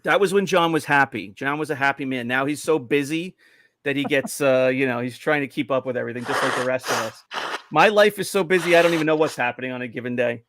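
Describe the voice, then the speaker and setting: A man's voice: mid-range voice, fairly bright tone, no room sound. A man co-hosting a livestreamed toy-collecting podcast, chatting casually and restarting his sentences. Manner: chatty, halting with restarts and laughs. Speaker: podcast co-host.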